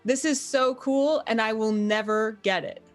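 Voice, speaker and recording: A woman's voice: a little high, steady tone, measured pace, soft background music. A woman playing a tabletop game, thinking aloud and reading rules out in a casual way. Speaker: player.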